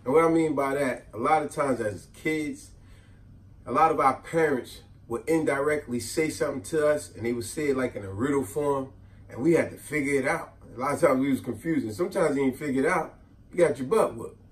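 A man telling funny childhood stories to his viewers in a casual, animated way, often laughing. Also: medium pitch, fairly quick, recorded from a distance. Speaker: vlogger. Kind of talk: comedic storytelling. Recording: voice a bit off-mic.

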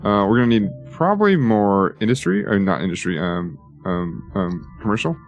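A man's voice: on the low side, expressive, normal speed, highs cut off, faint music behind. A man giving casual, rambling let's-play commentary, joking and talking to himself as he builds. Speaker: gaming YouTuber.

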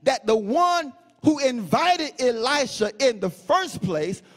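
A pastor preaching a sermon, swinging between sing-song chanting and shouts and repeating phrases for emphasis. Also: male voice, very high-pitched, lively intonation, slow pace, long reverb tail.

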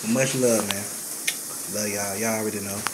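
A man's voice: lowish voice, fairly even intonation, moderate pace. A man vlogging casually to his followers from home, emotional and choked up, sighing heavily as he talks into his phone camera. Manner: emotional, choked up, heavy sighs. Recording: noticeable room noise.

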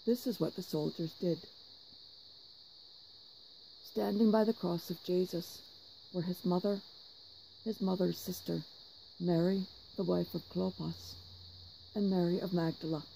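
A man reads scripture in a slow, liturgical cadence, his voice heavily gravelly with constant fry. The tone is dark and mellow, and he presses quoted shouts with added weight and slower pace. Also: sits high, fairly even intonation, a little hiss or hum, rough recording. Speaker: scripture reader. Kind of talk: measured liturgical scripture reading.

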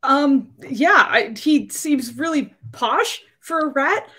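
A frightened, remorseful man just freed from control, played by a woman running the game. He stammers and apologizes in a raised, louder voice above her usual tone, urgent and shaken. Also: high-pitched, expressive, takes it slowly, pitched above the performer's own voice, full character voice. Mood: panicked.

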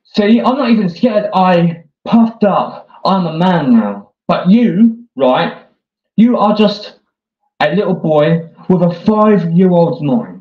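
A man delivering a mocking parody rant in a sarcastic, taunting way, swinging between whiny and gruff. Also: sits high, expressive, takes it slowly. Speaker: online troll. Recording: echoey dull lo-fi room.

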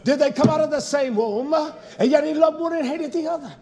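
A man's voice: extremely high pitch, fairly quick, darkish tone. A man preaching a fiery, confrontational sermon, scolding his listeners and firing rhetorical questions at them.

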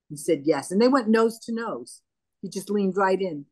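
A woman's voice: fairly low pitch, expressive, moderate pace, no echo. An older woman as an interview guest, retelling past events in a conversational, anecdotal way and acting out the dialogue. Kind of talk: conversational storytelling.

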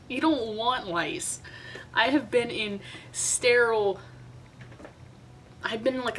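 A woman's voice: mid-range voice, a bit bright, slight background noise, rough recording. A young woman vlogger telling a story in a chatty, dramatic, self-mocking way. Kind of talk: casual storytime vlog.

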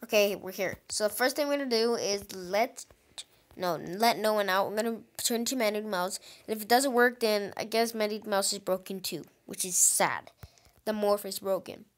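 A woman hosting a gaming channel, giving excitable let's-play commentary and talking straight to her viewers with frequent exclamations. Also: medium pitch, moderate pace.

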